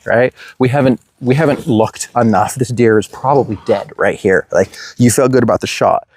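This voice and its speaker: A man casually telling the story of a hunt, animated and laughing as he acts out what was said. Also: mid-range voice, normal speed, few pauses, no echo.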